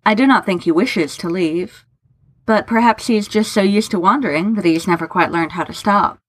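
A woman voicing a doting, gentle male dragon who frets and speaks in a formal, old-fashioned way. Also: mid-range voice, brisk, natural voice. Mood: gloomy.

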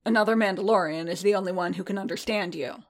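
A woman reading the lines of an angry, hurt helmeted warrior man in a rough, snapping tone. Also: mid-range voice, quick pace, lightly acted.

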